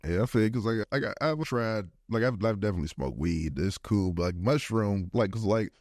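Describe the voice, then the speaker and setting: A man's voice: on the low side, animated, fairly quick, a little mellow, no echo, studio quality. A young man co-hosting a casual podcast, rambling in slangy talk with lots of "like" fillers. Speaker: podcast co-host. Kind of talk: casual chat.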